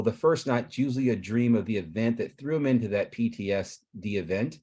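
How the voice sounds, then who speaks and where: A man's voice: medium pitch, a little mellow. A man on a video call explaining a therapy in an earnest, rambling way, with frequent restarts.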